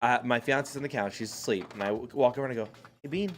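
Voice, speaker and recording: A man's voice: mid-range voice, fast talker, slight background noise. A man in casual chat, telling a long rambling story with frequent laughs and restarts.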